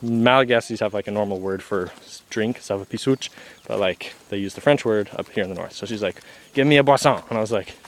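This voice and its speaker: A man's voice: lowish voice, fairly quick, a little hiss or hum. Laid-back young man telling a travel story. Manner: laid-back, full of "like" and acted-out quotes. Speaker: travel vlogger. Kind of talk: casual storytelling.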